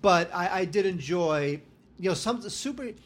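Wry man with a higher voice. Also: lively intonation, normal speed, a little hiss or hum. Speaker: podcast co-host. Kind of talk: casual chat reviewing movies.

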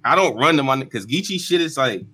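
Slangy laid-back man, bright husky voice. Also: medium pitch, lively intonation, fast talker. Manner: slangy, laid-back, trails off mid-sentence. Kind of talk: casual chat about battle rap.

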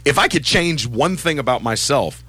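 A man co-hosting a sports radio show, chatting casually in an animated, self-deprecating way. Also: mid-range voice, normal speed, husky, no echo.

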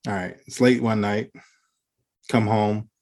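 A podcast co-host talking casually over a video call, telling stories in an animated way and laughing often. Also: medium pitch, a little slow.

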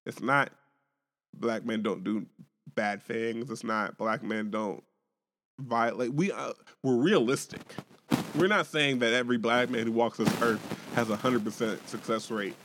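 A man's voice: mid-range voice, measured pace, fairly bright tone, long reverb tail. A man co-hosting a podcast, arguing his point in casual, profane chat and often restarting his sentences. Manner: argumentative, stammering restarts, profane. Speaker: podcast co-host.

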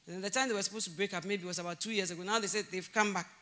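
A woman preaching a sermon in a church, animated, breaking into loud emphasis and laughter as she acts out conversations. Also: mid-range voice, rapid-fire.

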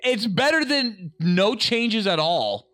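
A man co-hosting a casual podcast, excitable and rambling, swearing often. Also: high voice, slow. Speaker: podcast co-host.

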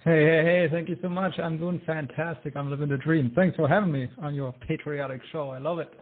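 A man's voice: steady tone, fairly quick. Upbeat German man on a phone line. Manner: upbeat, enthusiastic pitch. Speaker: guest, inventor. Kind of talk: interview.

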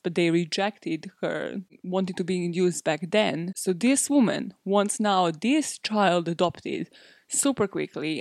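A woman's voice: medium pitch, a little mellow, dry recording, clean studio sound. A woman hosting a podcast, telling a true-crime story in a chatty, casual way and slipping into quoted dialogue. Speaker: podcast host.

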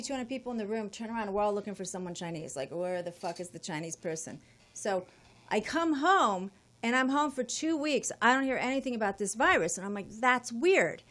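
A woman guest telling a long travel story in a casual, profane, animated way. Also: medium pitch.

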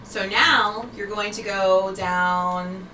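A woman's voice: medium pitch, steady tone, slow pace, crowd noise, low-quality recording. Playful woman player. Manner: playful, coaxing. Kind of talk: casual tabletop play.

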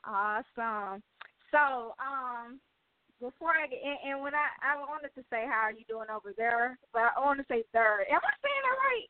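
A woman's voice: high voice, sing-song, normal speed, no room sound. A woman hosting an online radio show, upbeat and full of fillers as she interviews a guest. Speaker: radio host. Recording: dry tinny phone-like audio.

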